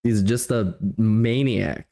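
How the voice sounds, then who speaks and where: A man co-hosting a podcast, giving rambling, animated opinions in casual chat. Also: fairly low pitch, slow, gravelly. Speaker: podcast co-host.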